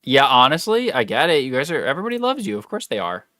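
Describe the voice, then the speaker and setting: A young man talks loosely to his live-stream chat while gaming, trailing off and restarting his sentences. His voice is bright and forceful, in a middle pitch for a man. It sits dry and close on the mic, with no room around it. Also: sing-song, quick pace, no echo. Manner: rambling, self-correcting, talks to chat.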